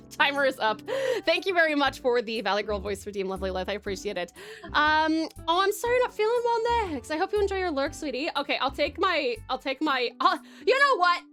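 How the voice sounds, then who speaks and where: Streaming as a VTuber, this young Tasmanian woman giggles and bubbles through her chat, welcoming viewers by name and calling them babes. She sounds very animated, pitched high and talking a little fast, bright and forceful, over soft background music.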